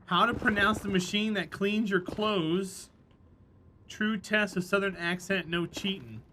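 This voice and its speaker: High-voiced man chatting on stream. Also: measured pace, bright, forceful tone, a little hiss or hum. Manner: rambling, chatty, laughs easily. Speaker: game streamer. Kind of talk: casual live-stream chat while gaming.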